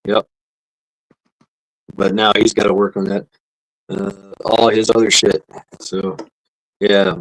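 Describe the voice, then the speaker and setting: A man with a gravelly, rough-edged voice hosts a casual live stream. He rambles through his points with plenty of fillers and false starts, stopping to thank viewers and answer their comments. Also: lowish voice, level tone, slow, long pauses, poor audio. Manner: rambling, many fillers and restarts, reads out chat. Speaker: livestream host. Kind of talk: casual livestream chat.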